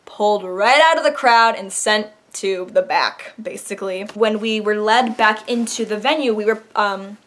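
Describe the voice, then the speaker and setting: A young adult woman talks straight to camera in a casual story-time vlog. Her pitch sits in a middle range for a woman. She is chatty and loose, with frequent fillers and a laugh slipping in here and there. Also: normal speed, few pauses, fairly bright tone. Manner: chatty, laughs while telling, many fillers. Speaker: vlogger.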